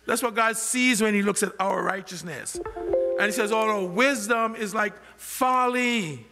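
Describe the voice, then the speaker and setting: An older male pastor preaching in a high, gravelly, bright voice. He keeps stopping to ask the congregation "what?" so they can complete his lines. His voice carries a long reverb through a large church hall. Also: measured pace, soft background music. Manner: asks the congregation questions and has them finish his sentences. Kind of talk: sermon.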